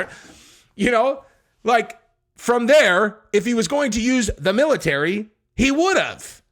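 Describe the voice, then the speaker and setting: A man doing casual reaction commentary on video clips, talking fast and jumping in excitedly. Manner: animated, interrupts excitedly, voice jumps high when worked up.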